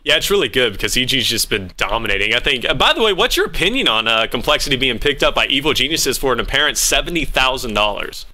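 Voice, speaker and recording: A man's voice: medium pitch, lively intonation, fast talker, hardly any pauses, sharp tone. A man hosting an esports interview in an upbeat, eager, hype-style delivery. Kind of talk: casual hosted interview.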